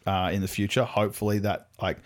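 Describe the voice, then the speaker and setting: A man's voice: fairly low pitch, flat delivery, fast. A young man hosting a casual podcast, chatty, laughing often and swearing freely. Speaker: podcast host.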